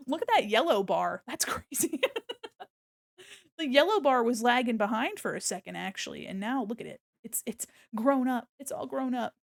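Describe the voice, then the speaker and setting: Excitable woman streamer with a gravelly voice. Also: on the high side, normal speed. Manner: gushing and excitable, laughing often. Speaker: streamer hosting a charity stream. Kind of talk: casual live-stream chat.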